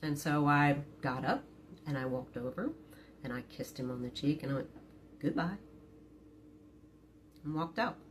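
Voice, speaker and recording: A woman's voice: sits low, moderate pace, a little hiss or hum. A middle-aged woman, frankly telling a personal story to her phone camera with many hesitant fillers. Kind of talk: candid storytime monologue.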